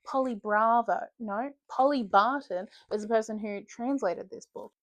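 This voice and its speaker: Chatty woman with a high voice. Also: unhurried, no echo. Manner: chatty, joking, swears casually. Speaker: book vlogger. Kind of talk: casual chat.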